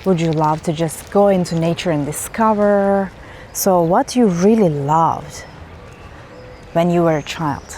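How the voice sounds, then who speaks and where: A woman's voice: lowish voice, measured pace, a little mellow, slight background noise. A woman giving a spontaneous, reflective spiritual talk outdoors in a forest, musing loosely and asking rhetorical questions. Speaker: spiritual vlogger.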